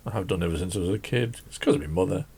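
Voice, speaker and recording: A man hosting a drawing channel, chatting casually and rambling as he draws, self-deprecating and laughing often, with a croaky voice. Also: sits low, rapid-fire, warm tone. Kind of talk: casual chat while drawing. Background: faint classical music.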